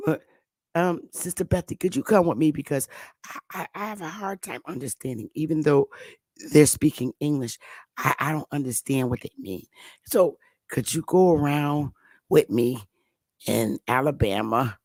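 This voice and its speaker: A woman's voice: sits low, moderate pace, darkish tone, dry recording, voice pushed down. A woman voicing a polite, baffled census taker who speaks hesitantly and with sweet overpoliteness.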